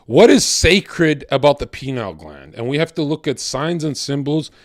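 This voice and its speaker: Profane, animated man ranting on stream. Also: on the high side, normal speed, no echo, studio quality. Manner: animated, profane, swings between loud rants and quiet asides. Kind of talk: casual stream monologue.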